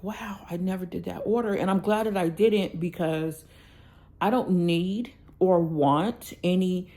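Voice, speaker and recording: A planner vlogger with a low-leaning, warm woman's voice rants angrily about a bad order in a casual vlog. She's blunt and venting, checking in with viewers by calling them "y'all" and asking "okay?"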